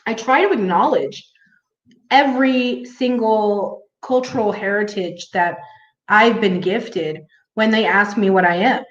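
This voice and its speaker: A woman's voice: medium pitch, a little slow. A woman chatting casually to her viewers in a rambling way, with lots of fillers and restarts. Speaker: vlogger. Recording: echoey room, dull lo-fi sound.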